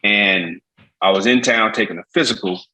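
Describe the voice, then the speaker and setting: A man from Indiana, a former pitcher, animatedly telling stories as a podcast guest. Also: moderate pace, poor audio. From Gary, Indiana. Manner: animated, acts out voices, laughs easily. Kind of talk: casual storytelling.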